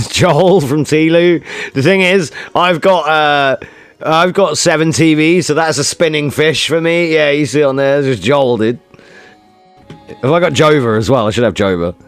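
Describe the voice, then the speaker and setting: A man's voice: fairly high pitch, unhurried, long pauses, clean tone, faint music behind. A male streamer chatting casually with his viewers, joking around and swearing a lot. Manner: joking, swearing, reacting to chat. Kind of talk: casual live-stream chat.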